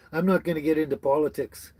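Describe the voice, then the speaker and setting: A man's voice: on the high side, a little mellow, slight background noise. A man hosting a casual livestream from a tiny house on wheels. He greets viewers and reads their comments, chuckling often and stumbling over names. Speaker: livestream host. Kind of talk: casual live chat reading viewer comments.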